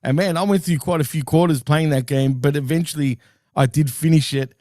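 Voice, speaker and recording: A man's voice: fairly high pitch, brisk, mellow, no echo, clean studio sound. A man co-hosting a podcast in casual chat, enthusiastic and nostalgic, laughing often. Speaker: podcast co-host.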